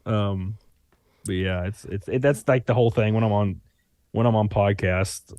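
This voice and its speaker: A man in his thirties speaks with a thick Southern US accent. He rambles in a relaxed way and swears casually. The recording is close and dry, with no room sound. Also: fairly low pitch, moderate pace, dry recording. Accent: Southern US (Alabama). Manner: rambling, laid-back, swears freely. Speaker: podcast guest. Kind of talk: casual chat.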